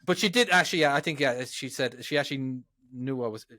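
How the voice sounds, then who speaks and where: A man's voice: medium pitch, fast, pushed and bright. Irish man from Cork, rambling host. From Ireland. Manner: rambling, with many restarts and swearing. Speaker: podcast host. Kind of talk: casual chat.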